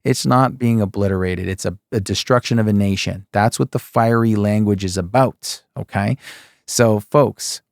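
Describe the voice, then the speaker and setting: A man with a fairly low voice teaches the Bible in a loose, conversational way. He pokes fun at his point with tongue-in-cheek rhetorical questions and keeps checking in with "okay?" The sound is dry and close, with no room behind it. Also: normal speed, creaky, no echo. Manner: folksy, keeps saying "okay" and "folks".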